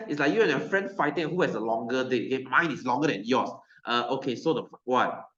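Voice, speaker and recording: A man's voice: medium pitch, lively intonation, brisk, pushed and bright, roomy sound, dull audio. A man with a Malaysian English accent, teaching a science class in a loose, joking way and putting on mocking voices. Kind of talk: classroom lecture.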